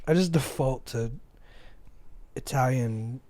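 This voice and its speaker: A man's voice: mid-range voice, takes it slowly, darkish tone, no echo. A man co-hosting a podcast in casual chat, goofy and jokey, swearing freely. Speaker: podcast co-host.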